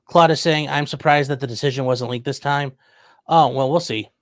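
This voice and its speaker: Reading his chat aloud at normal speed, this Ohio livestream host responds to viewers with dry humor in a casual chat. He has a mid-range voice, and there's no echo.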